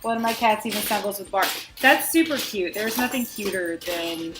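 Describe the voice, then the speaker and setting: A woman's voice: mid-range voice, moderate pace, poor audio. Tired woman with a cold, teasing and laid-back, music behind her. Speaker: co-host, host's wife. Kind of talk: casual chat. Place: home, indoors. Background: background music.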